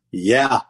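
A man in his fifties co-hosting a podcast over a remote call, chatting casually and jokily with lots of fillers and restarts. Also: mid-range voice. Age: 50s. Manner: rambling, jokey, many fillers and restarts. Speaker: podcast co-host. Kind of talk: casual chat. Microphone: remote call mic.

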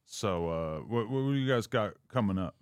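A man's voice: on the low side, animated, moderate pace, clear, resonant tone, dry recording, studio quality. A man from New Hampshire hosting a podcast, asking easygoing, curious questions in a casual interview. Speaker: podcast host.

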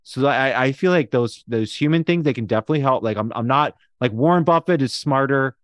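Male podcast host, lively and quick to laugh, mid pitch, dry close mic. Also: no room sound. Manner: animated, pushes back, laughs easily. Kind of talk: casual interview chat.

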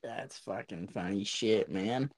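A man's voice: lowish voice, takes it slowly, no room sound. A man hosting a casual chat, profane, laughing often. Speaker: podcast host.

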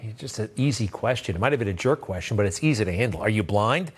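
A man's voice: lowish voice, lively intonation, rapid-fire, heavy background noise. A man hosting a news show, giving blunt, sarcastic political commentary in a conversational way. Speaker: host.

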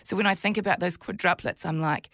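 Kiwi woman guest, forties, husky-edged low voice, lively retelling, dry studio sound. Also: fast, dry recording. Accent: New Zealand. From New Zealand. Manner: animated storytelling, jumps high when quoting herself. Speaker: guest, TV presenter and mother of twins. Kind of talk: candid interview chat.

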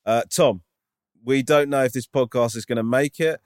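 A man's voice: medium pitch, fairly even intonation, normal speed, faint music behind. A man co-hosting a podcast, reading a listener's email and chatting in a sincere, self-deprecating way. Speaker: podcast co-host.

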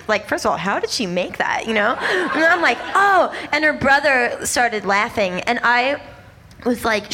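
A young woman doing stand-up, telling a story in an animated, rapid way with lots of "like" and exaggerated character voices. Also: sits high. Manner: rapid, breathless asides with lots of "like". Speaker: stand-up comedian.

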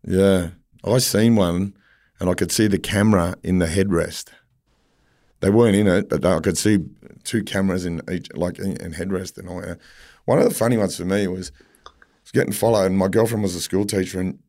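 A low-voiced man chats in a casual interview. He tells his own stories bluntly and swears without thinking twice. His voice sits deep, well under most men's. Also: fairly even intonation, brisk, darkish tone. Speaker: podcast host.

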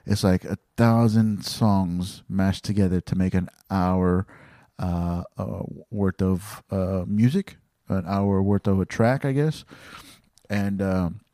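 Rambling low-voiced man, mellow and dry. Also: steady tone, takes it slowly, dry recording. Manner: rambling, many fillers and restarts, swears casually. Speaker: podcast host. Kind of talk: casual monologue.

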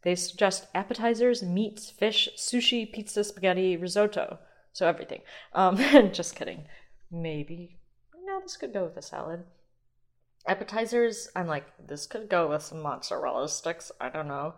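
A young adult woman talks on her own podcast in an easy, rambling way, thinking out loud and dropping the occasional swear word. Her voice sits a little on the lower side for a woman. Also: lively intonation, normal speed. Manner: chatty, rambling, swears casually, thinks aloud. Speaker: podcast host. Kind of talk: casual solo podcast chat.

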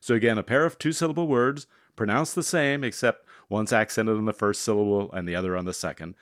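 A man running a word puzzle on radio, calmly spelling words out letter by letter and explaining the next challenge. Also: lowish voice, a little fast, no room sound, clean studio sound. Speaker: puzzle master.

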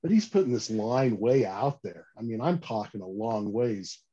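A man telling stories about fishing rods in a casual interview, animated and full of restarts and "you know". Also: on the low side, normal speed, slightly rough. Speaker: fishing gear company guest. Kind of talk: casual podcast interview storytelling. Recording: slightly dull lo-fi audio.

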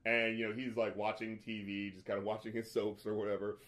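A man's voice: on the low side, fairly quick. A man in a casual chat, retelling a movie scene by scene with lots of fillers and acted-out lines. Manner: animated retelling, acts out characters' lines, frequent fillers and swearing.

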